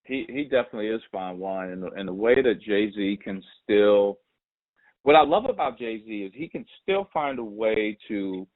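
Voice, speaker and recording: A man's voice: on the low side, expressive, moderate pace. A man hosting a podcast, chatting with enthusiasm and asking follow-up questions. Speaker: podcast host. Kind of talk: casual interview chat. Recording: tinny phone-like audio.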